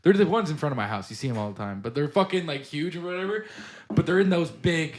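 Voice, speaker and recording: A man's voice: fairly high pitch, expressive, fast talker. A young man co-hosting a podcast, telling rambling stories in casual chat with lots of swearing and laughter. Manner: rambling storyteller, heavy swearing, laughs often. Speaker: podcast co-host.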